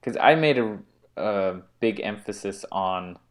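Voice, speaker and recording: A man co-hosting a casual chat, often pausing and restarting his sentences. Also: fairly low pitch. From United States. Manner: halting, with frequent restarts and fillers. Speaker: co-host.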